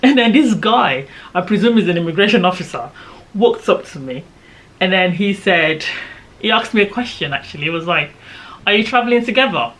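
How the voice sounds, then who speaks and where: A woman's voice: lowish voice, lively intonation, normal speed, fairly bright tone. A woman, a vlogger animatedly retelling a travel story with emphatic, indignant asides. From Nigeria. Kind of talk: storytime vlog.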